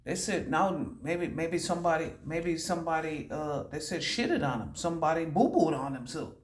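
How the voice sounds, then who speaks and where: A woman's voice: low voice, animated, moderate pace, roomy sound. A woman giving a channeled intuitive reading who free-associates from word to word, makes puns and swears casually. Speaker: intuitive reader.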